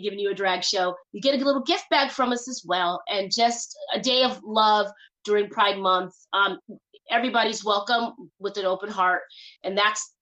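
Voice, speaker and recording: A woman's voice: medium pitch, pushed and bright, poor audio. A woman hosting her own show, chatting casually and rambling with many fillers and restarts. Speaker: show host. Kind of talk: casual live show chat.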